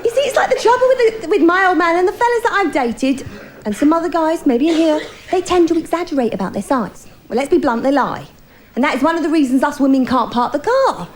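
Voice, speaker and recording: High-voiced woman doing bawdy stand-up. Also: lively intonation, fast. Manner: bawdy, chatty storytelling aimed at the crowd. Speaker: stand-up comedian. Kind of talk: stand-up comedy routine.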